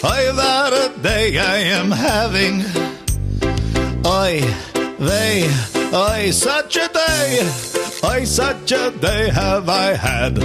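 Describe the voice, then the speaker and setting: Comic musical number: man doing a fretful dictator double, slow kvetching patter, lively swooping melody, band behind. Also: high-pitched, over loud music, voice pushed up, full character voice. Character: panicky Hitler's double, male, New York Jewish manner. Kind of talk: comic stage-musical song. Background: band backing track.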